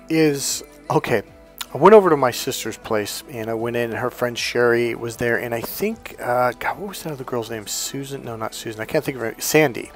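Rambling man telling spiritual stories. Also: medium pitch. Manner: rambling, animated, laughs while telling stories. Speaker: spiritual coach and video host. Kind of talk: casual storytelling monologue.

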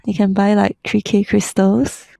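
A woman's voice: medium pitch, flat delivery, a little slow, vocal fry, warm tone. A woman chatting casually with a streamer friend, teasing and blunt. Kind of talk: casual chat.

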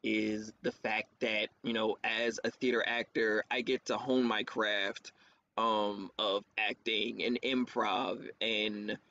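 A man, a theater actor, chatting as a guest in a casual interview, animated, laughing often and jumping up in pitch for quoted voices. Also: takes it slowly. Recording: dull lo-fi stream audio with faint hiss.

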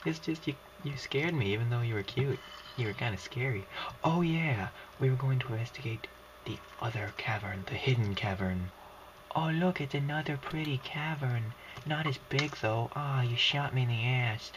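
Guy rambling through a game, mid-pitched voice, noisy mic, typing in the background. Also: normal speed. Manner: excitable, jumps between shouting and hushed whisper-yelling; swears and jokes to himself. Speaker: gaming commentator. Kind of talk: let's play commentary. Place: home while others sleep.

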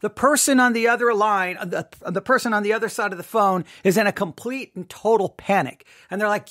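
A man's voice: high-pitched, bright, forceful tone, dry recording, studio quality. A man hosting a theology teaching podcast, telling a vivid, tense second-person story with repetition and restarts. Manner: vivid, repetitive, builds tension with restarts and pauses.

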